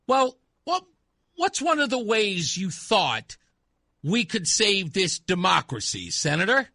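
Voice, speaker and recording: A male talk radio host giving sarcastic commentary, mocking and breaking into shouts. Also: sits high, sing-song, slow, no echo, clean studio sound.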